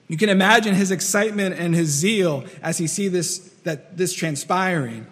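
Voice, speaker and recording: Male pastor, high-pitched, earnest sermon delivery with long hall reverb. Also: moderate pace, few pauses, fairly bright tone, husky. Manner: earnest, repetitive, acts out quoted voices.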